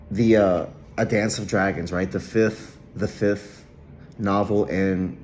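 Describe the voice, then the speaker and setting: Male vlogger, low voice, rambling casual talk with many restarts, faint noise underneath. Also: darkish tone. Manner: rambling, with frequent restarts and repeated words. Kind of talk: casual solo monologue.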